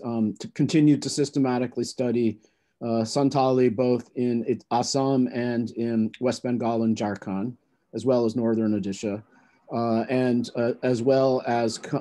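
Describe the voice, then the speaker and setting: A man's voice: mid-range voice, warm tone. A man co-presenting an academic paper, hesitating with fillers.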